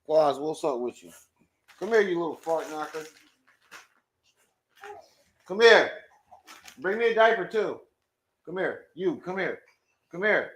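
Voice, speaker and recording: Loud, cursing young father. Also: fairly high pitch, expressive, unhurried, pauses often, echoey room. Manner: loud, profane, scolding. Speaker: online show host. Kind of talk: casual livestream chat.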